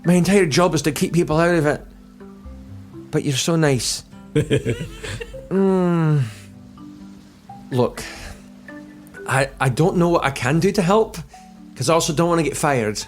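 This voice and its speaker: A man's voice: fairly high pitch, a little slow, pauses often, faint music behind, voice pushed up, close to an everyday voice. A man voicing a flustered, gullible male castle guard who stammers and is easily swayed, in a tabletop game. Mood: conflicted.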